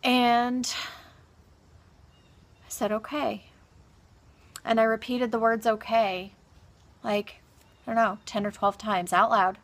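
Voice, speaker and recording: A grieving woman recounting a personal experience in a halting, soft-spoken monologue full of pauses and restarts. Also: a little high, flat delivery. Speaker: vlogger.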